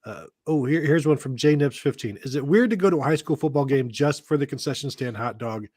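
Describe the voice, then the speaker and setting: A man's voice: medium pitch, expressive, brisk, darkish tone, no room sound. Dry-sounding man chatting casually about sports. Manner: loose, rambling delivery with fillers. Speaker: podcast co-host.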